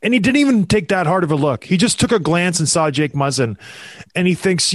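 This hockey podcast host rants in exasperation on his sports talk show, sighing frequently in heated commentary. His voice sits high and he speaks briskly and expressively, with no room sound in the recording.

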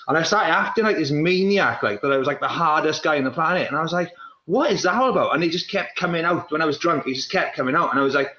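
A man's voice: a little high, expressive, fast talker, bright, forceful tone. A man with a South Wales Valleys accent, a guest who tells long, rambling comic stories in casual podcast chat. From Welsh valleys. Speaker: guest, former pro runner. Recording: echoey, dull room sound.

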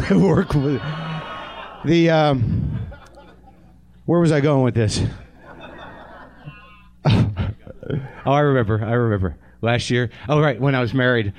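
A man with a mid-range, darkish voice hosts a live comedy show from a theater stage. He delivers a profane, self-deprecating stand-up rant directly to the audience.

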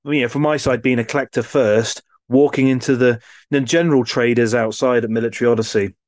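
A man's voice: medium pitch, steady tone, brisk, no room sound. A man co-hosting a podcast in casual, rambling chat with frequent restarts. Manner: chatty, rambling, with restarts and laughs. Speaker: podcast co-host.

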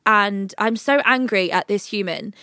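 A woman talks through tears over a video call, comforting her best friend. She swears freely and speaks at a middling pitch. The sound is dry and close. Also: unhurried, sharp tone, no room sound. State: crying. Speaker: podcast co-host. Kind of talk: emotional casual chat.

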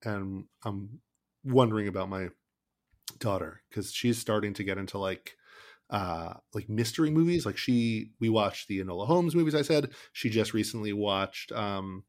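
A man's voice: fairly low pitch, lively intonation, moderate pace. A man in his thirties co-hosting a casual podcast, talking loosely with many "like"s and restarts about his kids. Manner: rambling, lots of "like" and restarts. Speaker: podcast co-host. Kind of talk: casual chat.

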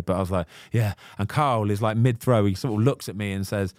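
A man chats on a podcast, telling stories in a lively, slangy way. His voice sits fairly low. The sound is close and dry, with no room around it. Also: quick pace, few pauses, no room sound. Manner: chatty storyteller, lively, slangy. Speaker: guest footballer. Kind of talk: casual podcast chat.

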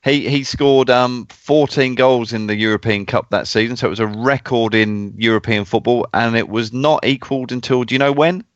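A man's voice: mid-range voice, fairly even intonation, normal speed, hardly any pauses, dry recording, highs cut off. A man co-hosting a casual football history podcast, chatty and reading from old club handbooks. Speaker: podcast co-host.

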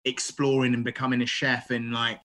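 Animated man telling chef stories. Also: mid-range voice, a little fast. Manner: animated, acts out quoted dialogue, frequent restarts. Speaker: chef, interview guest. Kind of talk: casual storytelling.

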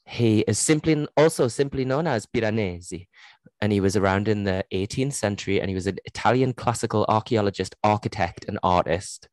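A young Geordie woman with a notably low voice talks through a novel in a loose, chatty way. She laughs easily and swears freely. The sound is close and dry. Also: brisk, darkish tone, no echo. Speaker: podcast co-host. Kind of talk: casual book-club chat.

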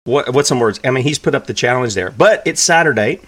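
A man's voice: medium pitch, lively intonation, brisk, a bit bright. A man hosting a live online talk show, speaking emphatically and repeating phrases for effect. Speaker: host.

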